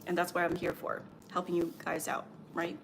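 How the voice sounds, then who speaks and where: A woman with a fairly low voice gives channeled spiritual guidance on a livestream. She rambles gently, stacks up ums and likes, and keeps a soothing, reassuring tone. Faint noise hums behind her. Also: completely flat delivery, moderate pace. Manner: meandering, filler-heavy, reassuring. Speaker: spiritual medium and Reiki healer.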